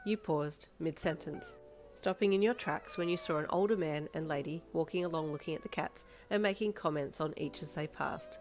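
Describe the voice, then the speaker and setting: A woman narrating a second-person fanfiction story in an expressive storytelling manner. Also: sits low, brisk. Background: soft background music.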